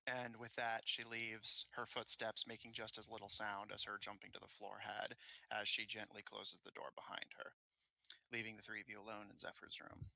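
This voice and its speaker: Male game master, gravelly, bright, dry close sound, relaxed narration with fillers. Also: fairly low pitch, normal speed, no echo, poor audio.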